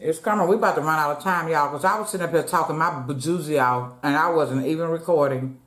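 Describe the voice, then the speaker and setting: A woman's voice: low voice, fast talker, a bit bright. Chatty woman vlogger who talks to her viewers as "y'all" and eats between sentences, echoey home room. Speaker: mukbang vlogger. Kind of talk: casual chat while eating.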